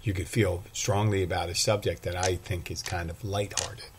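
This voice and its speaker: A man's voice: deep voice, fairly even intonation, normal speed, background noise. A male bartender hosting his own podcast, talking alone in a rambling, self-deprecating way. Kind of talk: casual solo monologue.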